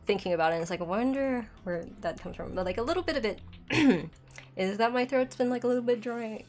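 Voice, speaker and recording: A woman's voice: a little high, expressive, fast, darkish tone. A woman streaming a game and chatting casually, her throat dry from illness and her speech slightly lisped by dental aligners. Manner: chatty, rambling, reads chat aloud. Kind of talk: casual live gameplay chat.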